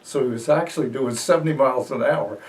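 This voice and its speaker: An octogenarian man from New Jersey, USA reminisces in an interview, rambling through old stories with fillers and chuckles. His medium-pitched voice is fast and darkish in tone, and he sits far from the microphone.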